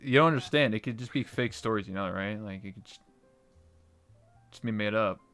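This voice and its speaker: A man in a casual online chat, telling stories in a rambling, animated way full of fillers. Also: on the low side, fairly quick, dry recording, faint music behind. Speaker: podcast participant.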